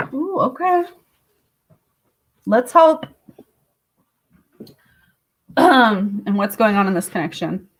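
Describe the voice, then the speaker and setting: A woman reading tarot on a live stream. She talks straight to her viewers in a chatty way and breaks into sudden high exclamations. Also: a bit bright. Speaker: tarot reader.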